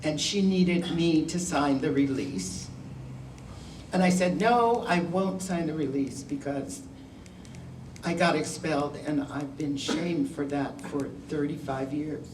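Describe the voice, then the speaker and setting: A woman's voice: sits low, slow pace, darkish tone, a little hiss or hum. An older woman giving a candid, wry talk to a school class, telling her own story in a conversational way. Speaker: guest speaker. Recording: roomy sound from a distant mic.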